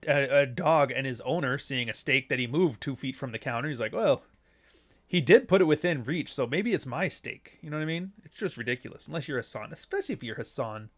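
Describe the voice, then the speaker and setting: A middle-aged man with a Canadian accent and a nasal voice, talking bluntly and crudely in a casual podcast monologue. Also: a bit bright. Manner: blunt, crude and sardonic, with sudden high-pitched outbursts. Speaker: podcast host.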